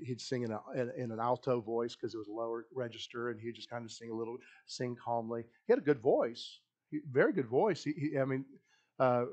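A male pastor giving a sermon, talking in a halting, rambling way with many restarts, often dropping to a soft, low voice as he reflects.

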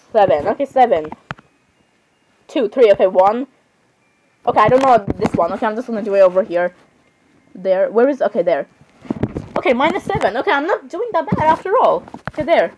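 Poor audio with a bit of hiss or hum carries a woman's highish voice. She's doing a relaxed let's-play of a horror game, talkative and giggly, apologizing a lot and chatting with the characters.

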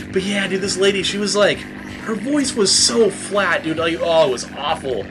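A man talks through his gameplay in a rambling, profane way and leans on "like" and "dude". His voice sits a little high and swings widely in pitch. Clear music plays behind him. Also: animated, measured pace. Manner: rambling, profane, says "like" and "dude" a lot, shouts at the game. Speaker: let's play host. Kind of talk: casual gaming commentary.

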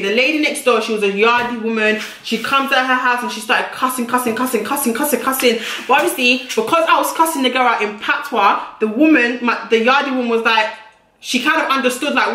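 Blunt girl doing a storytime vlog, swears a lot, bright sharp voice, echoey room. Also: fairly high pitch. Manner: blunt, brash, swears freely. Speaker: YouTuber.

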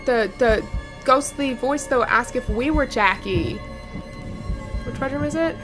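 Jumpy woman narrating a horror game. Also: on the high side. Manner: nervous, talks to herself, jokes to cope. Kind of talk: casual let's-play commentary. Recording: game music playing behind. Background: game music.

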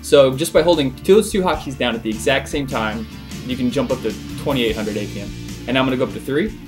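Young man, casual game-tutorial voice-over, easygoing, mid pitch, faint music under it. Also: fast. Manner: relaxed, many "uh" fillers, chuckles. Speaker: gaming video creator.

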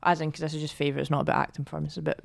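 A Scottish woman co-hosting a podcast in casual chat, talking freely with lots of fillers and lively storytelling. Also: low voice, rapid-fire, gravelly. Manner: chatty, filler-heavy, animated storytelling. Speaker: podcast co-host.

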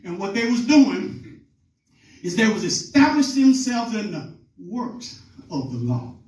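High-voiced preacher man teaching loosely. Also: very animated, a little slow, a little mellow. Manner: informal, calls on the congregation, retells scripture in plain talk. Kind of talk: teaching sermon. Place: meeting room with a congregation. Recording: echoey room, voice from far off.

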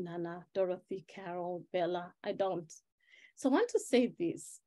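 A woman life-purpose coach giving an animated webinar talk, often asking "right?" and reading out viewers' names and chat replies. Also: fairly low pitch, normal speed. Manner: animated, testimonial, keeps checking in with "right?".

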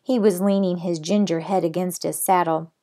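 A woman's voice: fairly low pitch, steady tone, moderate pace. A middle-aged woman reading a children's novel aloud, then chatting about the chapter. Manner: gentle, plain reading, chatty afterward. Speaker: storybook reader.

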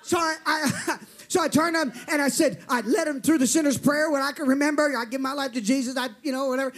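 A male preacher, telling a story in a sermon with animated delivery and calls for amens. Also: very high-pitched, a little fast.

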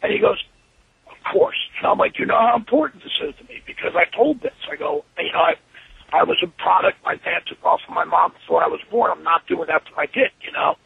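A man in an interview, telling an animated, profane story and acting out what was said. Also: fairly high pitch, a little fast, gravelly, slightly rough, no echo, phone-quality sound. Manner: animated, profane, acts out his own quotes. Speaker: interview guest.

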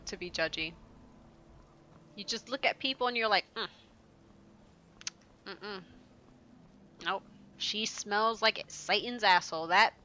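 A woman's voice: medium pitch, pushed and bright, a little hiss or hum, poor audio. A woman streaming a video game, chatting casually in a rambling, profane way and laughing often. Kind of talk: casual chat while playing a game.

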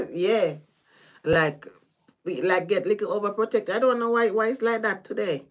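A woman's voice: medium pitch, fairly even intonation, moderate pace. A woman with a Caribbean accent giving a casual tarot reading on a livestream, chatty and often laughing. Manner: chatty, laughing, drifting between topics. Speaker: tarot reader.

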